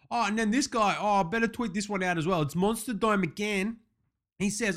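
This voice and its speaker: Brash, smug man, high voice. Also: fairly bright tone. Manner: brash, crude, smug and self-congratulating. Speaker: comedian doing an impression as a web show host. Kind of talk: satirical comedy monologue.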